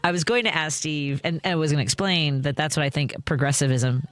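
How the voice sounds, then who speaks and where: A woman hosting a radio talk show, chatty and quick to laugh, often restarting her sentences. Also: sits low.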